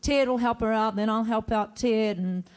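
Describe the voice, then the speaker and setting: A woman who is an actor guest at a convention fields fan questions on a panel, speaking into a stage mic in a big hall. She's chatty, jokey, and self-deprecating, restarting often, with a clean voice on the high side at normal speed.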